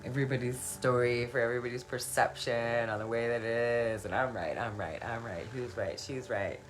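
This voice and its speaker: A woman's voice: extremely low pitch, steady tone, normal speed, soft background music, rough recording. A woman talking casually on a live stream, answering viewer comments in an earnest, encouraging way, laughing often and repeating phrases for emphasis. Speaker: spiritual self-help live streamer.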